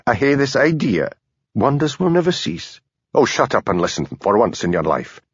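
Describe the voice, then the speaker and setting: A man reading aloud, voicing a patient police constable with a Scottish Highland accent and a mild, dry way of talking. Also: big pitch swings, normal speed, breathy edge, no echo, highs cut off.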